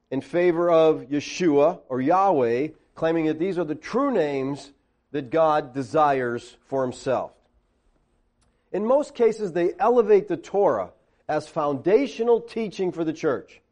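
A man preaching in a conversational teaching style, animated, tossing sarcastic asides and questions to his listeners. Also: fairly high pitch, unhurried.

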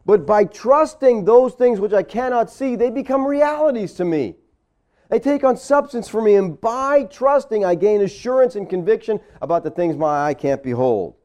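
A man's voice: expressive, normal speed, darkish tone. A man preaching a sermon in a conversational way, often checking in with "all right?" and "okay?", and acting out the voices of the people he quotes. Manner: acts out quoted voices with big pitch swings. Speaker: pastor.

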